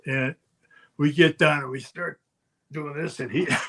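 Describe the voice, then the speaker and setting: A man's voice: a little high, steady tone, moderate pace, fairly bright tone. An older man, a former wrestler, telling rambling anecdotes in casual podcast chat, often chuckling. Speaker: guest storyteller, former wrestler.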